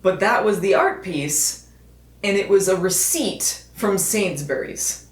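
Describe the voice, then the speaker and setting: A woman's voice: mid-range voice, lively intonation, slow pace. American woman vlogging, dry jokey chat, bit of room echo. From United States. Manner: chatty, wry, lots of fillers. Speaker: video host. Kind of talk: casual vlog chat. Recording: echoey room.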